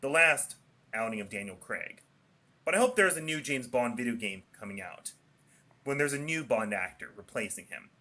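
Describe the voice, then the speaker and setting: A man's voice: medium pitch, animated, normal speed, bright, forceful tone. A man chatting casually on a podcast as a regular, rambling in plain statements with hesitant fillers. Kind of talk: casual chat.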